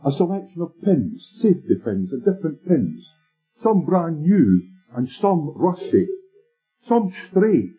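A man preaching a sermon, telling stories in a measured, emphatic way. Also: a little high, slightly rough. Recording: tinny lo-fi sermon tape with faint music.

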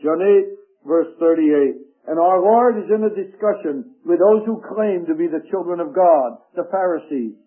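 A man preaching a sermon, slow and emphatic, reading scripture aloud. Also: sits high, animated. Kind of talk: radio sermon. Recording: tinny phone-like radio broadcast.

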